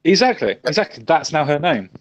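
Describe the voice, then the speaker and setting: A man's voice: on the high side, sing-song, a little fast. A man co-hosting a casual chat, emphatic, repeating his points and swearing casually. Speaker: co-host.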